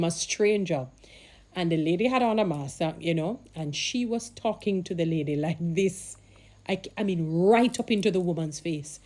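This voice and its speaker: A woman's voice: on the low side, mellow. A woman vlogging in casual chat, rambling with restarts, asides and sarcastic humor to her viewers.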